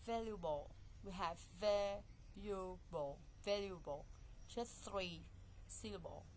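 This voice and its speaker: A woman's voice: medium pitch, slow pace, fairly bright tone, a little hiss or hum. A woman teaching English pronunciation, repeating each word and counting its syllables aloud in simple, non-native phrasing. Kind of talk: classroom pronunciation lesson.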